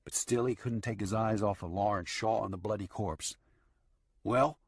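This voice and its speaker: A man reading a western audiobook in a steady storytelling manner. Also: fairly low pitch, moderate pace, husky, no echo. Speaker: audiobook narrator. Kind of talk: scripted western narration.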